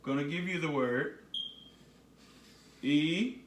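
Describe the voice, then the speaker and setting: A man teaching a phonics lesson to young children, slowly repeating words for them to say back. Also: fairly high pitch, echoey room, far from the mic, a little hiss or hum.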